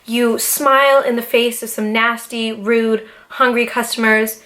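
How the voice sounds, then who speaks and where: A young woman talking straight to her camera in a casual sit-down vlog, animated, dramatic and full of swearing. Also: on the high side, a little slow, hardly any pauses. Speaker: YouTuber. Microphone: camera mic, seated in front of camera.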